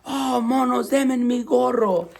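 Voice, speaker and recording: A man's voice: very high voice, steady tone, slow, creaky, darkish tone, pitched above the performer's own voice, full character voice. A man voicing an angry male cap peddler in a storybook read-aloud, raising his voice in a scolding, pleading way.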